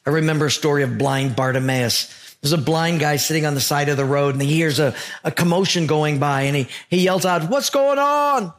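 A man's voice: fairly high pitch, steady tone, brisk. A man preaching a sermon as a pastor, earnest and emphatic, telling stories to drive his point home.

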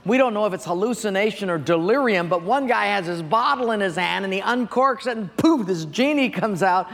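A man's voice: high voice, expressive, brisk, a bit bright, big-room sound. A male pastor preaching a sermon, telling stories and asking the audience questions. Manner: storytelling, asks the audience questions.

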